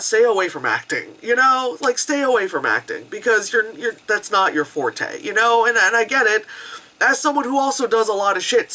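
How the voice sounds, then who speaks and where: Lively, bright-voiced film reviewer in their thirties. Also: medium pitch. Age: 30s. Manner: chatty, swears, full of fillers and bits of mock voices. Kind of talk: casual rant-style review.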